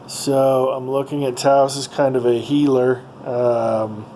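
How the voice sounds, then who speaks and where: A man of middle pitch telling a travel story in a loose, meandering way, full of ums and uhs. A faint hum of noise sits under his voice. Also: warm tone, low-quality recording. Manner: rambling, lots of ums and uhs. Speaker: vlogger.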